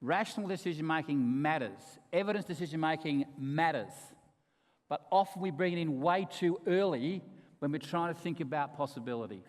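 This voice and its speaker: A man delivering a conference keynote in a fairly high voice. He tells stories with emphasis and humour, then drops into quiet asides. Long reverb from the large hall trails after his words. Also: normal speed. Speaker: keynote speaker.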